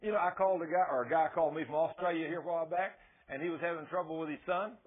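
A man's voice: on the high side, racing, slight background noise. A man preaching a sermon, telling stories and acting out the voices in them. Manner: storytelling, acting out quoted dialogue. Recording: tinny phone-like radio broadcast.

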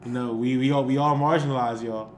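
A man's voice: mid-range voice, fairly even intonation, quick pace, slight background noise. A young man co-hosting a podcast in casual chat, joking and restarting his sentences. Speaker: podcast co-host.

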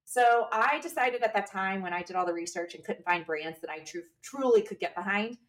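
Woman, podcast co-host, casual storytelling, animated, mid pitch, a bit far from the mic. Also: fairly quick. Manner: animated, acts out quoted dialogue. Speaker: podcast co-host and bridal shop owner.

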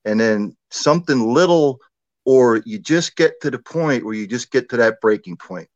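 A man telling a personal story in a relaxed, conversational way, with many fillers and asides. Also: mid-range voice, moderate pace, dry recording, muffled recording. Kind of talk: casual storytelling.

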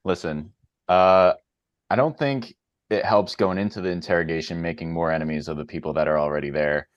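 A man with a very deep voice co-hosting a casual podcast. He talks hesitantly, full of fillers. His voice sounds dry and a bit dull. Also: fairly quick, clear, resonant tone, no room sound. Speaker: podcast co-host.

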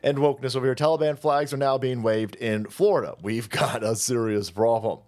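A man's voice: mid-range voice, brisk, a little mellow. A man hosting crude political commentary, mocking and swaggering, slipping into sneering mock voices. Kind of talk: profane ranting commentary.

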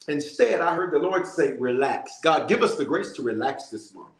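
A male bishop preaching in a lively storytelling way and calling out to his listeners. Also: a little high, normal speed, reverberant. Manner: storytelling, animated, calls out to listeners. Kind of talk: sermon-style prayer message.

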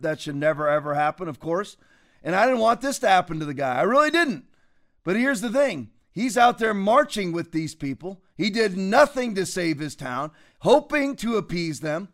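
A man's voice: high voice, fairly bright tone. A man hosting a commentary show, talking in a combative, mocking and preachy way. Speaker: show host.

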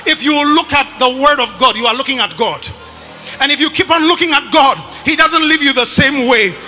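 High, bright-voiced preacher man. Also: moderate pace, in a large hall, soft background music. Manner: emphatic, often shouting, repeats phrases to the congregation. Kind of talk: sermon.

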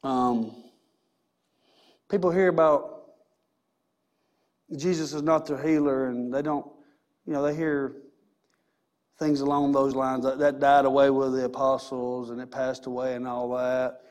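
A man's voice: mid-range voice, flat delivery, measured pace, long pauses, a little mellow. A man preaching a sermon in a church, emphatic and repetitive, with many rhetorical questions. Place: church sanctuary.

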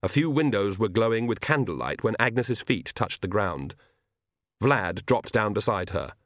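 A man narrating a comic fantasy audiobook in an even, measured way. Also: lowish voice, dry recording, studio quality. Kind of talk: scripted narration.

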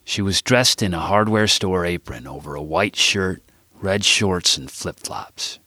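A man reading his own book aloud as first-person narration, jumping much higher and louder whenever he voices dialogue. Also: unhurried, dry recording.

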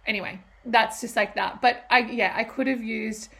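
A woman's voice: fairly high pitch, steady tone, normal speed, gravelly, fairly bright tone. A woman, hosting a solo podcast in a rambling, emotional way and swearing freely. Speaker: podcast host. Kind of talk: casual solo podcast talk.

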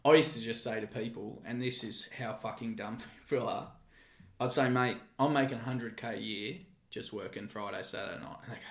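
An Australian man hosting a casual podcast chat, telling bouncer stories bluntly, with heavy swearing and animated delivery. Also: on the low side, brisk. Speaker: podcast host, former bouncer. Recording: echoey room.

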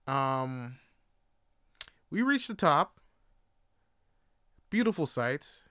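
A man's voice: on the high side, a little slow, sharp tone, clear, resonant tone, no room sound, clean studio sound. A man from Jamaica telling a personal story in a casual, profane way, laughing and restarting as he goes. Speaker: podcast host.

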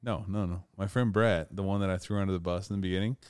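Deep-voiced man telling a profane story. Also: steady tone, fast, a little mellow, smooth, dry recording, studio quality. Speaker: podcast co-host. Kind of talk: casual storytelling chat.

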